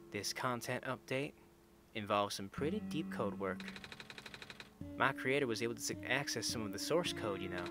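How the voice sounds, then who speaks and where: A man reading the lines of a calm helper robot in a steady, explanatory way. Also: medium pitch, lightly acted.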